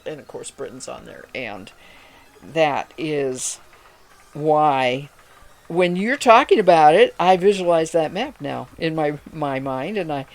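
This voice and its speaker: A woman hosting a spinning livestream, chatting casually and reading viewer messages aloud in a friendly, rambling way. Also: low voice. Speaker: livestream host.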